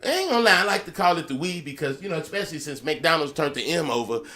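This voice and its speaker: Aave-speaking comedian guy doing fake news, kinda high voice, rambling, lots of uhs and chuckles, swears a lot. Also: expressive, quick pace, bright, forceful tone. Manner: rambling, profane, lots of "uh" fillers, chuckles between lines. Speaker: comedian hosting a mock news show. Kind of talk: improvised comic news monologue. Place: Las Vegas.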